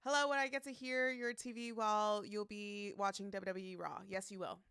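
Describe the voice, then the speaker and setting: A woman's voice: medium pitch, fairly even intonation, a little fast, fairly bright tone, clear, resonant tone, no echo, studio quality. A woman streaming live, chatting casually, reading out chat messages and greeting viewers by name, laughing often.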